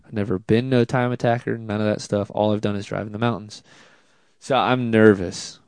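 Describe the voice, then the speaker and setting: A man, a drift driver, telling a casual story in an interview, animated and self-deprecating, with many fillers. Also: fairly low pitch, moderate pace, smooth, no echo.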